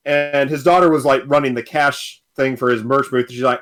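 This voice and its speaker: A man's voice: medium pitch, steady tone, brisk, a bit bright. Young guy, podcast guest, chatty storyteller who laughs a lot. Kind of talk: casual storytelling.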